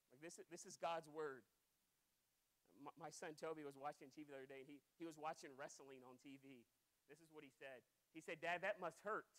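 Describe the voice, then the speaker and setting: A man in his thirties delivers a sermon in a high voice. He grows impassioned and doubles back on his words. He pleads with the congregation. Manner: impassioned, repeats words when worked up. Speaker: preacher.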